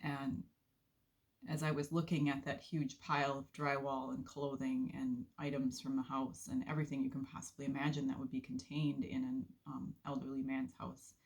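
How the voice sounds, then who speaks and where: A woman giving an earnest, unhurried devotional talk with soft laughs, sharing a faith testimony from her volunteer work. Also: extremely low pitch, flat delivery, breathy edge.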